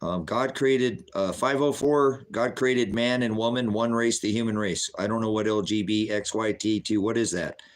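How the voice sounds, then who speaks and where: A man's voice: lowish voice, moderate pace, hardly any pauses. A middle-aged man preaching bluntly on a livestream, answering viewers' chat questions in a combative, sermonizing way.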